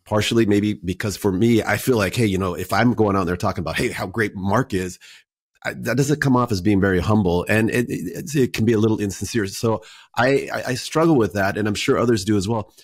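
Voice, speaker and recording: A man with a somewhat low voice hosts a podcast conversation, recorded dry and close. He asks his questions in a measured, thoughtful way, pausing over his words. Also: no echo. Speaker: podcast host. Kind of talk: interviewer conversation.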